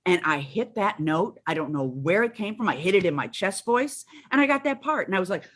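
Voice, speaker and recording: A middle-aged woman with a Chicago accent talks in a casual interview, lively and self-mocking as she tells stories. Her voice sits at an ordinary middle pitch, and she trips over her own restarts as she goes. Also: normal speed. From Chicago area, USA. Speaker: guest actress.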